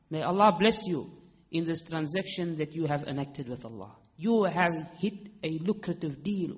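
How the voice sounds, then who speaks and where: A man's voice: on the high side, natural voice. A man preaching in his own voice, quoting a devout wife who gladly praises her husband's gift. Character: grateful devout wife, adult woman, calm. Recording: dull echoey hall recording.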